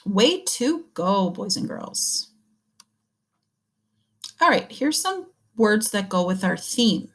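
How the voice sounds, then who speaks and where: Slow, encouraging woman teaching reading. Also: medium pitch, big pitch swings. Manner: slow, encouraging, sounding words out. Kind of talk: early reading lesson for young children.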